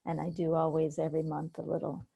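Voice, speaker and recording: A woman's voice: deep voice, completely flat delivery, fast, gravelly, mellow, breathy edge, lo-fi sound. A woman hypnotherapist hosting a group meeting on a video call, explaining techniques in a casual way. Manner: explains techniques, acts out panicky voices.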